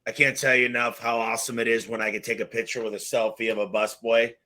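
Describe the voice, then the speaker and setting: Man, bright forceful tone, animated, punchy emphasis, video call roundtable. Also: medium pitch, fast, rough recording. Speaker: home service business owner and podcast regular. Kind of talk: casual roundtable discussion.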